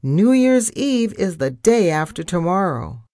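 A bossy, gushing young female mouse, as a woman puts her on in a storybook reading, pitched well up and swooping through lively phrases. The voice comes across dry and close. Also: unhurried, dry recording. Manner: bossy, gushing, shouting orders.

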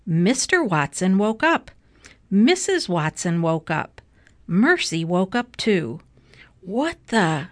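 A woman reading a children's book aloud with slow, gentle, clear storytelling. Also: medium pitch, big pitch swings, no room sound. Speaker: storybook reader.

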